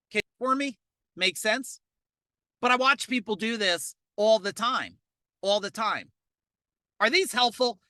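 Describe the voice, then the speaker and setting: A man coaching a live motivational webinar in a fast, energetic delivery. His voice is forceful and punchy, with a dry, close sound and no room echo. He repeats key points and keeps prompting the audience to respond. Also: sits high. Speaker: business coach leading an online challenge. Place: outdoors in a parking lot.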